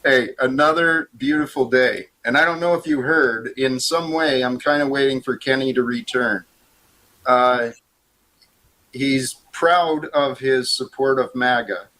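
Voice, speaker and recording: Slow, halting male stream host. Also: medium pitch, bright, forceful tone. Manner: halting, restarts sentences, earnest. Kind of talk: casual talk stream.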